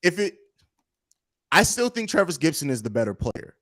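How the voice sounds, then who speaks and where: Guy on a sports podcast arguing his take, bit high voice, dry close sound. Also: very animated, moderate pace, fairly bright tone, no echo. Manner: argumentative, builds points with stats, repeats phrases. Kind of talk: casual sports debate.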